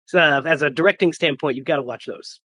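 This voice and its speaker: A man's voice: fairly high pitch, fast talker, sharp tone, slight background noise. A man hosting a podcast in casual chat, joking and laughing often. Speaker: podcast host.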